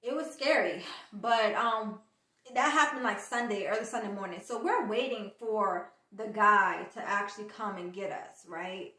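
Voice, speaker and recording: A woman's voice: medium pitch, unhurried. Chatty woman vlogger, roomy sound. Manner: chatty, animated retelling with quoted dialogue. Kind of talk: casual storytime vlog.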